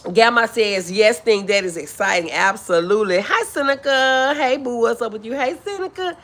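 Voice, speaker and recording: A woman hosting a live stream in a casual chat, reading viewer comments aloud and answering with affectionate drawn-out greetings, calling people honey and boo, clearing her throat now and then. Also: a little high, animated. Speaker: livestream host.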